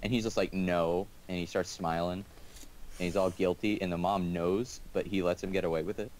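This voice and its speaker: A man's voice: deep voice, steady tone, a little fast, background noise. A teenage boy casually telling a school story over a call, rambling with lots of restarts and laughs. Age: teens.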